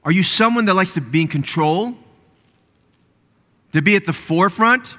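A man's voice: high voice, lively intonation, normal speed, bright, forceful tone, in a large hall. A man preaching a sermon as pastor, building fervor and repeating phrases for emphasis. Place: church sanctuary.

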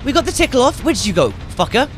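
A young man commentating his own gameplay as he plays, excitable and swearing loudly whenever things go wrong. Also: extremely high pitch, quick pace, faint music behind. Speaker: gaming YouTuber.

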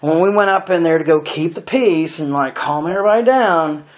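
A young man speaking in a rambling monologue, full of fillers and restarts, who often clears his throat. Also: fairly high pitch, a little fast. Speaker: video blogger.

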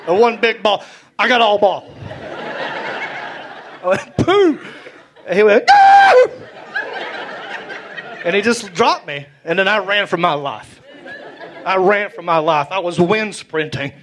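A man's voice: normal speed, pauses often. A male stand-up comedian, telling a story animatedly and jumping into character voices. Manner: animated, acts out characters with big pitch jumps. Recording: live comedy club with crowd. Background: audience laughter.

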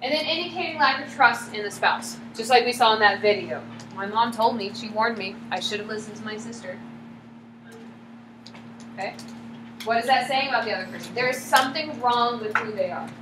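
Female lecturer, higher voice, questions her class often; echoey classroom, hum behind. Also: brisk. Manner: lively, asks the class questions. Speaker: psychology lecturer. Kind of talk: classroom lecture with acted examples.

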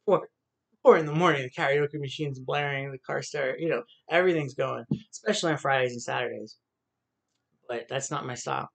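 A man talking casually after playing guitar at home in his city apartment, rambling quickly and quietly with lots of fillers. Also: medium pitch, creaky. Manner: rambling, quick, soft-spoken talk with fillers. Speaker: singer-songwriter and YouTuber. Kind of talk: casual spoken aside after a guitar performance.

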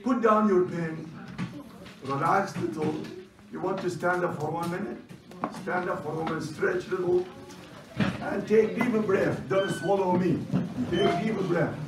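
A man whose first language is Chaldean Aramaic teaches a class in a brisk, commanding way and repeats his instructions. His voice sits fairly high. He is heard from a distance in an echoing classroom with faint noise behind him. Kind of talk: classroom lecture. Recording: roomy, distant classroom recording.

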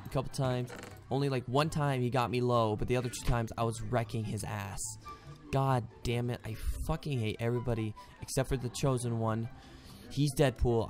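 A man ranting furiously over his gameplay at home, swearing constantly and stammering through restarts. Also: mid-range voice. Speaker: gaming video creator. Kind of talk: gameplay commentary rant.

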